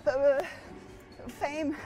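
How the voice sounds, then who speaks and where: A woman's voice: high voice, steady tone, drawn-out words, dark tone, soft background music. A woman tennis player giving short, hesitant answers in a game interview while hula hooping.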